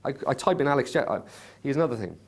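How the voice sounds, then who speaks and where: Male workshop host, lively storyteller, casual swearing, middle pitch. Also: fast. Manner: animated, swearing, acts out quotes. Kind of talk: live seminar storytelling. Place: conference room with audience.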